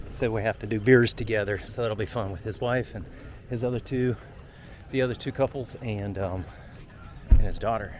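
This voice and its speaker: Man, lowish voice, rambling trail vlogger, candid, faint outdoor noise. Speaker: vlogger on a long walk. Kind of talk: casual travel vlog talk.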